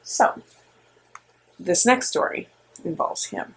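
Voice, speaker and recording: A middle-aged woman co-hosting with her son, telling a story in a rambling, animated way with lots of fillers. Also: slow pace. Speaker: co-host and mother. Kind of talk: casual storytelling.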